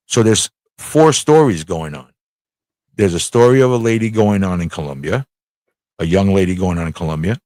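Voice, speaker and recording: A man's voice: low voice, darkish tone, dry recording. A man hosting a casual live talk show, rambling, swearing freely and repeating himself as he tells a story. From United States. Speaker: show host.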